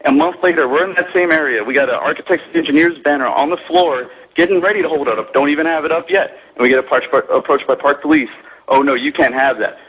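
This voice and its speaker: A man's voice: fairly high pitch, fast, few pauses, fairly bright tone, slightly rough. A man from South Texas, calling in as a local activist and telling an earnest story, sometimes acting out other people's voices. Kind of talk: phone-in account. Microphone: phone. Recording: dull lo-fi phone line.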